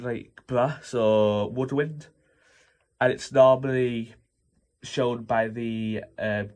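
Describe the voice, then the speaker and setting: A young man talking through music notation in a loose, rambling way, with many fillers and self-corrections. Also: medium pitch. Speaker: music theory teacher. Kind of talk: casual informal lesson explaining notation.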